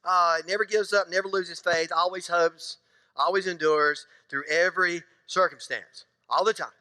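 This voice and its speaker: A man's voice: high-pitched, fairly even intonation, moderate pace, bright, forceful tone, no echo, long reverb tail. A middle-aged man preaching a sermon in a church, casual and joking, acting out little scenes from married life. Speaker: pastor. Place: church sanctuary.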